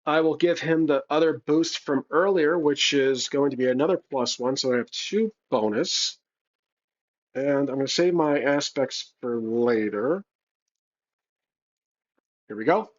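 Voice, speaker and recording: Brief: man narrating his own solo game, unhurried and thinking aloud, muffled home mic. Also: mid-range voice. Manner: thinking aloud, unhurried, with fillers and self-corrections. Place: home room with a cat.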